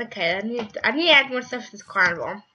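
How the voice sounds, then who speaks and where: A woman talks through a casual game session into her webcam, bubbly and scattered. Her voice sits a little high and leaps all over the place when she gets excited. A loud hiss and traffic noise run under everything. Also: fast talker, highs cut off. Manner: excitable, rambling, repeats "okay" over and over; squeals and shrieks with excitement. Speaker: gaming channel host. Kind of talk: casual Minecraft let's play.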